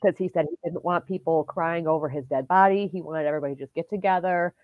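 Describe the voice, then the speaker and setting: A woman's voice: fairly low pitch, fast, lo-fi sound, noisy background. A woman client giving plain, explanatory answers in casual conversation.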